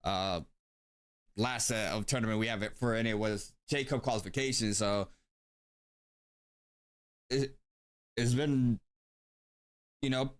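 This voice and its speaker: A man hosting a tournament live stream, talking casually and thinking aloud with frequent pauses and ums. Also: on the low side, fairly even intonation, clear, resonant tone. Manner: laid-back, thinks aloud with many ums.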